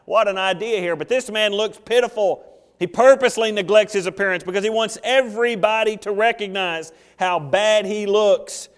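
A man's voice: high-pitched, moderate pace, smooth, big-room sound. A man preaching a sermon, telling stories with humor and acting out little scenes. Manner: animated, jokey storytelling with acted asides. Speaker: pastor.

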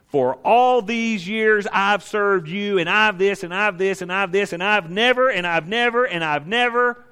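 A man's voice: high-pitched, unhurried, pushed and bright, clear, resonant tone, pitched above the performer's own voice. A man voicing an indignant, resentful older brother who whines through a protesting list of grievances. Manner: whiny, protesting listing of grievances. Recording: long hall reverb.

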